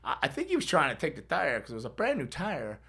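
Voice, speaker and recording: A man's voice: on the high side, huge pitch swings, fast talker, gravelly, sharp tone, husky. A middle-aged man hosting a podcast, telling a rambling story with laughs and acted-out voices. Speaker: podcast host. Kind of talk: casual storytelling.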